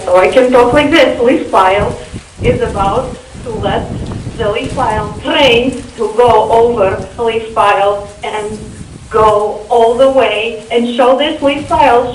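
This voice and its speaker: A woman with a Russian accent playing a mean villain who ties a man to train tracks, speaking slowly and drawn out. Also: fairly high pitch, slight background noise. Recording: echoey room, far from mic.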